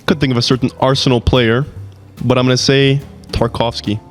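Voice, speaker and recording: A man competing in a quiz with friends, giving his answers in a calm, matter-of-fact way. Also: medium pitch, a little fast, faint music behind. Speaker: quiz contestant. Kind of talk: casual banter.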